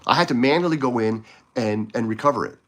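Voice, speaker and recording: A man's voice: mid-range voice, quick pace. Frustrated man ranting to camera. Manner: frustrated, ranting, rambling with restarts. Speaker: video blogger. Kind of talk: casual rant to camera. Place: home in Poland.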